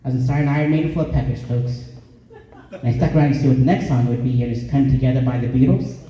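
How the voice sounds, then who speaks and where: A male stand-up comedian from Colorado, delivering a deadpan comedy set in a small club. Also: mid-range voice. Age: 20s or older. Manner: deadpan, sings a parody song at a slow drawn-out pace. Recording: echoey room, voice caught from a distance.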